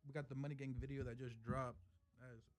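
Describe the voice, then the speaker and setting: A man talking as a producer guest on a podcast. He speaks softly and easily, often trailing off quietly. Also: mid-range voice, fast talker. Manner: soft-spoken, relaxed, laughs often. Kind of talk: casual interview chat.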